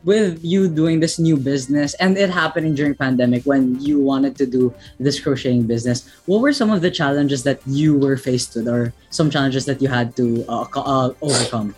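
A woman's voice: very deep voice, normal speed, hardly any pauses, a little mellow, breathy edge, soft background music. A woman co-hosting an interview, asking friendly, rambling questions with lots of "like.". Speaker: co-host. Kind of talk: casual interview chat.

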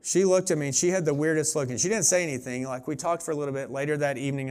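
A man's voice: on the high side, fast, few pauses, a little mellow. A middle-aged man preaching a sermon in an earnest, conversational way, pressing his points with emphasis. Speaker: pastor.

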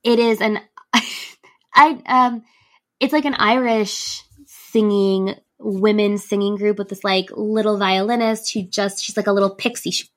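A woman hosting a podcast, chatting casually, bubbly and quick to laugh. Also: mid-range voice, fairly even intonation. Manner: bubbly, laughs often, gushing. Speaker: podcast host. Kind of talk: casual chat.

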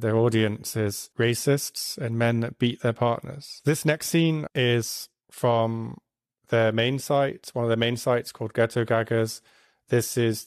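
A man at an ordinary middle pitch talks through video clips with earnest indignation, loosely and with lots of fillers. His voice is recorded dry, close and clean, with almost no room sound. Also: dry recording. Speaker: commentary host.

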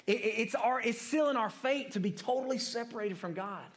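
A man preaching to adults in a casual, talky way, his voice sitting high for a man. He keeps checking in with "right?" and stumbles through repeats and restarts as he thinks aloud. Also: brisk, slight background noise. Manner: asks the room questions, ends points with "right?"; repeats words and restarts often. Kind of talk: conversational sermon to adults.

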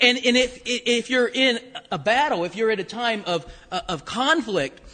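Man preacher, high bright voice, animated storyteller, long hall echo. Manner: animated storytelling with laughs and acted-out quotes. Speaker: pastor. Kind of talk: sermon.

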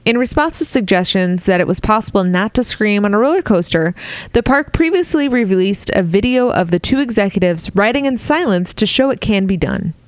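A woman's voice: mid-range voice, expressive, fairly quick, no room sound. A woman co-hosting a casual podcast, reading news items aloud and then chatting and laughing often. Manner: giggly, reads news then chats. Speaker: podcast co-host.

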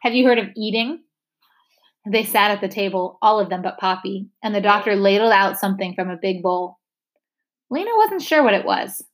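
A woman reading a novel chapter aloud, steady and expressive. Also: mid-range voice, brisk. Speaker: reader.

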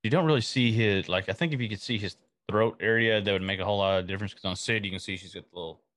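A man co-hosting a podcast in casual chat, chiming in with quick joking quips. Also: lowish voice, a bit bright. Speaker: podcast co-host.

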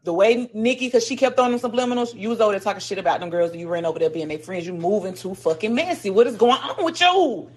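A woman's voice: mid-range voice, quick pace, few pauses, breathy edge. A woman co-hosting a casual podcast, telling celebrity gossip with lots of profanity and acted-out quotes. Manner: animated storytelling, acting out quotes, heavy profanity. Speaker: podcast co-host.

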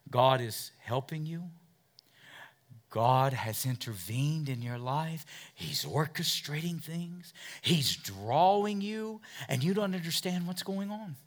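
A middle-aged male pastor preaching a sermon in a church, asking the congregation questions and swinging from loud, emphatic lines to hushed, near-whispered appeals. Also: a little high, lively intonation, slow pace. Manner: asks the congregation questions and repeats words as he builds.

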